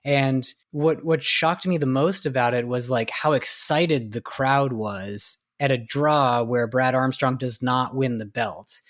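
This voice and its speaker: A podcast co-host recounts events in casual, rambling chat, full of "like" and "you know," plus fillers and restarts. His medium-pitched, fairly bright voice moves at a measured pace with hardly any pauses.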